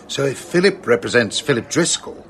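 An actor playing a brisk, matter-of-fact police inspector in a radio drama. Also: male voice, medium pitch, expressive, a bit bright, natural voice. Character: brisk male Scotland Yard inspector. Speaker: police detective.

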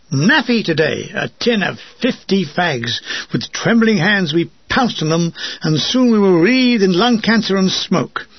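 A man reading his first-person war memoir in a wry, deadpan way, on a dull lo-fi recording. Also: high-pitched, creaky, slightly rough, no echo.

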